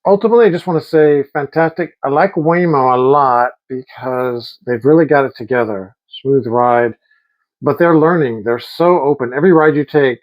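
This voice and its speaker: A man's voice: medium pitch, lo-fi sound. A middle-aged man telling rambling, enthusiastic stories in a casual vlog. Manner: rambling, enthusiastic, quotes people in voices. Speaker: vlogger.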